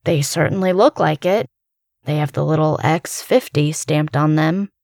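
A woman voicing a calm, puzzled male doctor in an audio drama, measured and reasoning, with a gravelly voice. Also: sits low, no room sound, clean studio sound.

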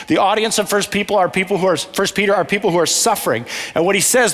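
A man with a fairly high voice preaches in a relaxed, storytelling way. He keeps turning to the audience with questions and dry asides. His voice rings with the long echo of a big hall. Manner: animated, asks the audience questions, wry asides. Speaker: teacher of a Bible study. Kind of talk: conversational sermon with storytelling.

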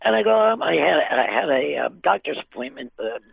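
An older woman telling lively stories as an interview guest, laughing often and using many fillers. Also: deep voice, brisk, gravelly, husky. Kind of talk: casual storytelling. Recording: dry tinny phone line.

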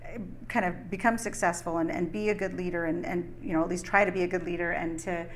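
A woman's voice: lowish voice, steady tone, fast, a little hiss or hum. A middle-aged woman, a podcast guest, speaking earnestly and reflectively in a motivational way. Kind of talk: interview.

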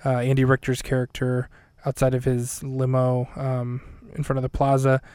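Dry, flat-voiced man recapping a show. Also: mid-range voice, normal speed, clear, resonant tone, no room sound. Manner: rambling, self-correcting, dry humor. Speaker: podcast host. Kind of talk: casual solo recap.

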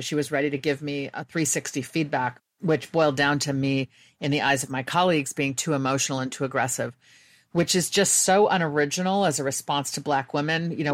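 A woman's voice: deep voice, dry recording, clean studio sound. A woman guest and author telling candid personal stories in an earnest, reflective way. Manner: earnest, candid, quick bursts.

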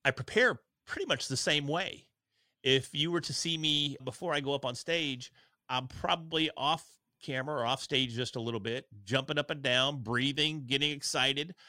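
A man in his forties speaks over a video call as a podcast guest, earnest and energetic, with a self-deprecating streak. His voice is bright and forceful. The sound is dry, with no room echo. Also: mid-range voice, normal speed. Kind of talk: candid conversational storytelling.

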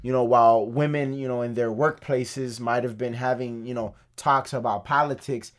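A man's voice: mid-range voice, steady tone, moderate pace. A man co-hosting a podcast in casual chat, blunt and profane, with lots of "like". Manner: blunt, profane, says "like" and "you know what I'm saying" often. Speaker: podcast co-host.

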